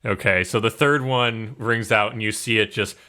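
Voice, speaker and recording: Bright-voiced young man running a tabletop game. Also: fairly low pitch, moderate pace. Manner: relaxed, filler-heavy description. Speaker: game master.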